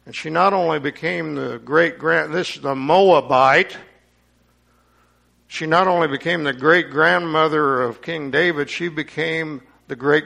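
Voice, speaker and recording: Gravelly, bright-voiced preaching man. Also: fairly high pitch, slow pace, long pauses. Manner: reads scripture aloud, then comments with rising, preaching emphasis. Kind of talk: sermon.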